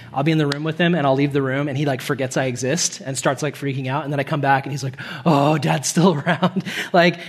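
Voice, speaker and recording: A young man preaching a sermon in a church, casual and animated, laughing often and acting out quotes in a higher voice. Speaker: pastor. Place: church hall.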